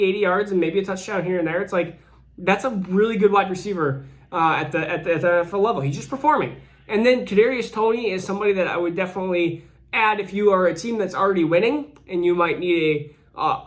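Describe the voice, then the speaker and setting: Breathless man rambling about fantasy football. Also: sits high. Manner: rambling, frequent restarts and fillers. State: out of breath while recovering. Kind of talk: casual solo commentary.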